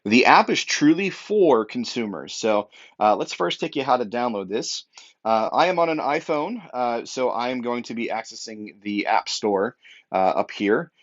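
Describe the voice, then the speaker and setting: A man's voice: mid-range voice, lively intonation, normal speed, lo-fi sound. A young man, an upbeat real estate technology trainer, giving an emphatic walkthrough with lots of fillers.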